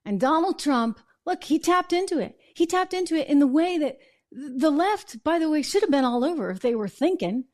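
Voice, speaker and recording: A woman's voice: high voice, animated, normal speed, a little mellow. A woman from New Hampshire hosting an opinion show, indignant and full of rhetorical questions. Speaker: host.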